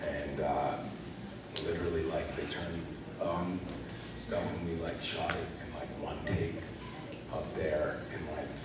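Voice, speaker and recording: A man's voice: rumbling low, fairly even intonation, measured pace, heavy background noise. A man, an actor, talking casually at a convention panel, telling stories in a rambling way full of fillers. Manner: rambling, filler-heavy storytelling. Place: large convention hall. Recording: echoey hall from far off.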